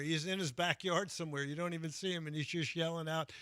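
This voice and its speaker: A man hosting sports talk radio in a casual monologue. His voice is fairly high, gravelly and bright, and it sounds close and dry. He talks chattily, stumbling over fillers and restarts as he goes. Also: a little fast, few pauses, no room sound.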